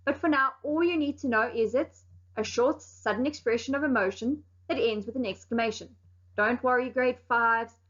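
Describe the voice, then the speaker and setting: A woman teacher giving a recorded grammar lesson to fifth graders, explaining clearly and stressing key words. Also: fairly high pitch, a bit bright. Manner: clear, explaining slowly with firm emphasis. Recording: dull lo-fi sound.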